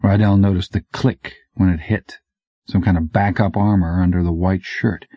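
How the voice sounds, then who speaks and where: A man narrating an audiobook in a low, even, hard-boiled delivery. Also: moderate pace, breathy edge, no room sound. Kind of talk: scripted narration. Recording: dull dry recording.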